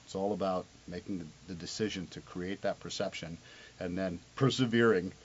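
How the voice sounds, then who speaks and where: A man's voice: low-pitched, normal speed. A middle-aged man, a television director, speaking in a casual interview in an earnest, reflective way, often restarting and repeating words. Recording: dull lo-fi sound with faint hiss.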